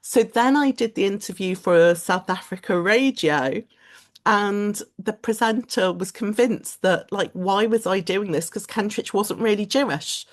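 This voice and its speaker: Woman giving a lecture, chatty and lively, keeps slipping into quoted voices, middle pitch. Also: measured pace. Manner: chatty, animated storytelling with quoted voices and restarts. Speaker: guest lecturer. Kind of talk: lecture to a study group.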